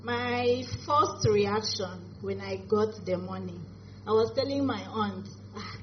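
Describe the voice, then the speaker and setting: A woman's voice: medium pitch, slow pace. Woman trader, plain and grateful, muffled lo-fi sound. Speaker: trader giving testimony. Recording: dull lo-fi audio with faint noise.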